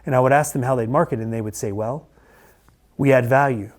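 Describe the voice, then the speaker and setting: A man's voice: medium pitch, a little fast. A middle-aged man, a mortgage lender turned coach, telling his personal story to camera in an earnest, conversational way that repeats phrases for emphasis.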